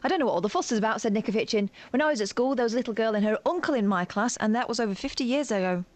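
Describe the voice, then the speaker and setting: A woman's voice: on the high side, very fast, no room sound. A woman producing a radio show, reading out listener texts in a dry, matter-of-fact way.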